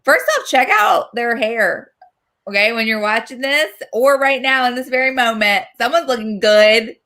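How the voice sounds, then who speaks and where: A woman co-hosting a film festival in casual chat, rambling and enthusiastic. Her voice is bright and crisp, pitched a bit high. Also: animated, moderate pace.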